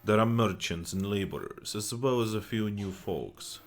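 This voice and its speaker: Man putting on a leering tavern keeper, mock Russian accent, formal archaic speech, low voice, faint game music behind. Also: expressive, normal speed. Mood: gruff. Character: leering male innkeeper with a put-on Russian accent.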